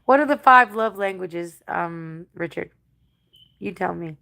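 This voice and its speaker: A woman's voice: on the low side, lively intonation, a little slow, gravelly, bright, forceful tone. A woman in her forties with an English accent, chatting bluntly and profanely to her livestream viewers, answering comments. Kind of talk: casual livestream chat.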